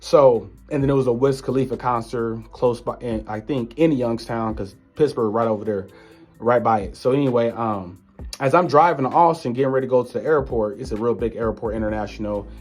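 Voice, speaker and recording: A man casually telling a story from his own life in an animated, disbelieving way. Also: mid-range voice, brisk, soft background music. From United States. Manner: animated, incredulous retelling of an encounter. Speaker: vlogger.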